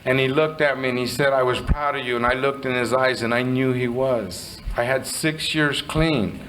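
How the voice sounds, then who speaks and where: A middle-aged man from Southern California, sharing his recovery story in a candid, animated way and swearing casually. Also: medium pitch, normal speed, a little hiss or hum, rough recording. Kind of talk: personal storytelling speech.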